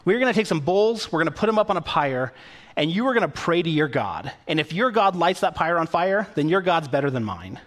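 A man voicing the prophet Elijah in a sermon retelling, bold, challenging and excited. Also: on the high side, fairly quick, pitched above the performer's own voice. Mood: brash. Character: eager, chatty biblical prophet Elijah, man.

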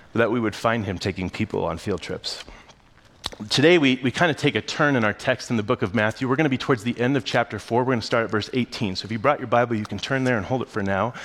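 Animated storytelling pastor, a man. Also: medium pitch. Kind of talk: storytelling sermon.

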